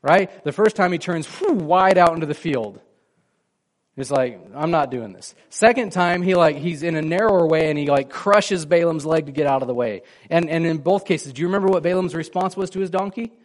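A man's voice: on the high side, fairly quick. Man preaching a conversational sermon. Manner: conversational, asks the congregation questions, acts out quoted lines. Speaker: pastor.

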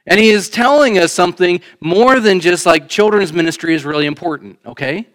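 A man preaching a sermon in a church, shifting between emphatic raised lines and quiet, conversational asides. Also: high-pitched, fairly quick. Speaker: pastor. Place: church sanctuary.

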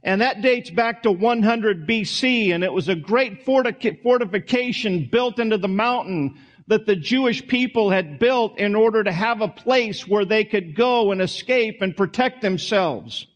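A man's voice: high voice, measured pace, muffled recording. A man preaching a sermon in a conversational, folksy way, with small asides and restarts. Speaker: pastor.

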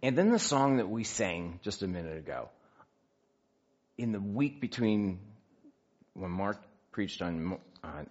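A man in his fifties giving a personal testimony in church, an animated storyteller who acts out conversations and pokes fun at himself. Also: low voice, breathy edge, muffled recording. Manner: animated storyteller, acts out dialogue, self-mocking. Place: church sanctuary.

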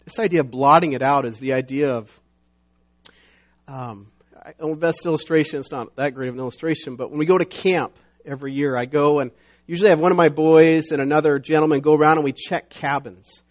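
A middle-aged man preaches in a loose, chatty way, stumbling over restarts and fillers before rising to emphatic scripture readings. His voice sits a little high for a man. The recording is dull and lo-fi. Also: fairly even intonation, fairly quick. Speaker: pastor. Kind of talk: sermon. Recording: dull lo-fi sound.

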